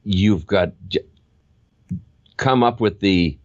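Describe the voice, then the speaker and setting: An older man talks with a deep, low voice in a casual interview. He keeps telling stories and slips into little acted examples. The sound is dry and a bit dull, like a lo-fi recording. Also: takes it slowly, no room sound. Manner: animated storyteller, acts out examples. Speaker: guest, voiceover veteran.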